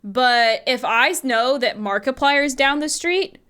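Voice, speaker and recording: A woman co-hosting a chatty podcast, her voice sitting a little high for a woman. She tells stories with lively energy and drops swear words freely. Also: a little slow, smooth. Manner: swears often, animated storytelling. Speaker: podcast co-host. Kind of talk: casual chat.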